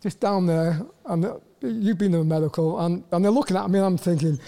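An older man with a Welsh accent, telling stories as a guest in a casual interview, halting and repeating words with lots of "you know". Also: high-pitched, vocal fry, warm tone. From Wales. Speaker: guest, former footballer.

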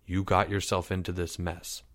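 A man's voice: sits low, level tone, normal speed, a bit bright, dry recording, pitched below the performer's own voice. A man reading a story aloud, voicing a bossy fifth-grade boy who snaps orders. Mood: snapping. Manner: snapping, stern, commanding.

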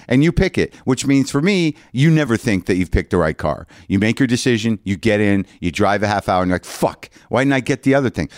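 A man hosting a podcast, telling a long comic story in an animated, profane, self-mocking way. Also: fairly low pitch, clear, resonant tone, dry recording, studio quality. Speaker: podcast host.

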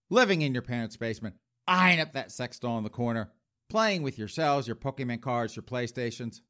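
Animated, campy male podcast host. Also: mid-range voice. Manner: sarcastic, campy, mocking. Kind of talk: comedic monologue.

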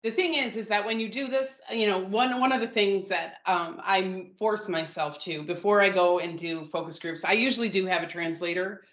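Lively storytelling woman, echoey muffled sound. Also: medium pitch, moderate pace, hardly any pauses. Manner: lively, laughing storyteller who acts out quotes. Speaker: communications consultant guest. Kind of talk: casual storytelling.

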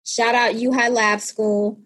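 A woman in her fifties telling a personal story in conversation, animated and acting out the people in it. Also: a little high, slow, poor audio. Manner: animated, acts out voices in retold scenes.

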